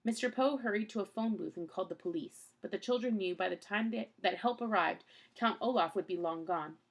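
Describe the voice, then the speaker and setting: Gravelly woman reading a storybook. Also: mid-range voice, a little fast. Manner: plain storytelling with small slips. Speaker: audiobook reader. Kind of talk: reading a children's novel aloud.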